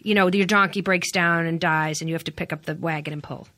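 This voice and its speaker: A woman's voice: on the low side, steady tone, quick pace, bright, forceful tone. A woman co-hosting a casual chat, firing off teasing, provocative jokes at her guest. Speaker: podcast co-host.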